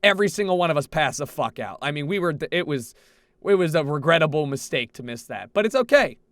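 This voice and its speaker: A young man vlogging a rambling party story, animated, with frequent restarts and swearing. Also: a little high, fast, no room sound, studio quality. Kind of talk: casual storytelling. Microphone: headset.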